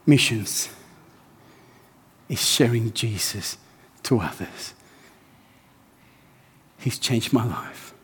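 A man's voice: mid-range voice, expressive, extremely slow, pauses often, breathy edge, big-room sound. A man preaching a sermon as pastor, impassioned and prone to repeating words as he builds.

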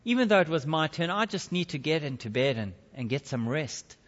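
A man's voice: on the high side, sing-song, a little fast. A man voicing a tired young mother asking her husband for help, in a weary, pleading way, recorded with a dull lo-fi sound and long hall reverb.

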